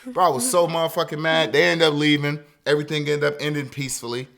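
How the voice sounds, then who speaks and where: Host, male, slightly high voice, loose, profane storyteller, acts out every quote. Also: steady tone, quick pace, vocal fry, a bit bright. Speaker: podcast host. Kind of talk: casual storytelling chat.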